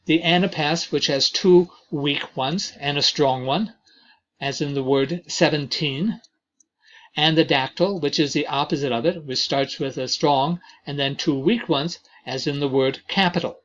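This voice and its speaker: A man teaching an introductory lesson on poetry, talking slowly with frequent fillers and reading verses aloud. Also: fairly high pitch, a bit bright, lo-fi sound. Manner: slow, deliberate delivery with many fillers and reading aloud of verses. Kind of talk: lecture on poetry.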